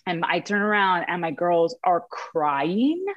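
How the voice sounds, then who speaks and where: A woman in her thirties tells a story with frank, self-mocking candor and a little swearing. She sits a bit low in her register. The sound is close and dry, with little room around it. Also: takes it slowly, no room sound, highs cut off. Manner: expressive, candid, self-mocking, mild swearing; acts out voices in vivid quoted asides. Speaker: mother sharing a story with a group. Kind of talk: casual storytelling.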